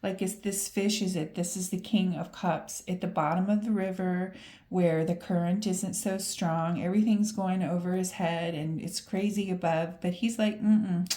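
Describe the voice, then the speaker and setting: A woman's voice: on the low side, steady tone, normal speed, warm tone. A woman giving a casual, upbeat tarot reading to camera, laughing often and talking straight to the viewer. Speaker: tarot reader. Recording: roomy echo.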